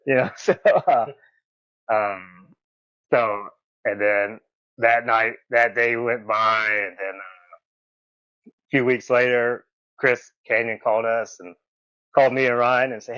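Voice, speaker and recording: A man tells stories as a guest in a casual podcast interview. He talks in an animated way, jumps up in pitch to act out other people's lines and laughs often. The sound is dry and close, with slightly dull, muffled audio. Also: moderate pace, no room sound. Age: 40s. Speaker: podcast guest, former wrestler.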